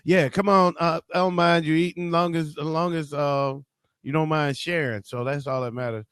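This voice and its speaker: A man's voice: a little high, fairly even intonation, normal speed, a bit bright, smooth, dry recording. A man from Detroit hosting a casual morning livestream, joking loosely, cursing freely and greeting viewers by name. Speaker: livestream host.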